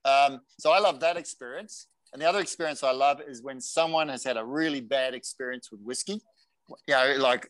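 A man's voice: medium pitch, a little fast, dry recording, low-quality recording. Chatty male host. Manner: storytelling, animated quoting. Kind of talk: casual interview chat.

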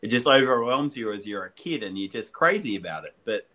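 Bright, keen-sounding male guest. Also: fairly low pitch, expressive, fairly quick. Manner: enthusiastic, searching for words with repeats. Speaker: podcast guest, gin maker. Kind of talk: casual conversation.

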